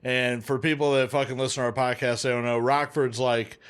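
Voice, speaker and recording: A man's voice: medium pitch, level tone, fairly quick, smooth. A man co-hosting a podcast, telling a story in loose casual chat with heavy swearing. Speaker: podcast co-host.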